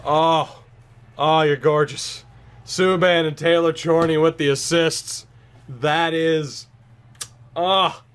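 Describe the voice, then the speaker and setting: A man giving casual commentary over his own video game match, tired and sarcastic, breaking into sudden excited outbursts. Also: a little high, slow pace, pauses often, clear, resonant tone. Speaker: gaming YouTuber.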